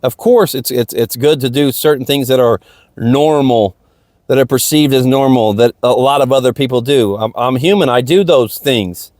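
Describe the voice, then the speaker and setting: Near a lake, a man hosting a podcast drifts through a casual motivational monologue, stream-of-consciousness style, frequently saying the same things again. The mid-range, slightly mellow voice comes at a moderate pace with a dry, clean studio sound.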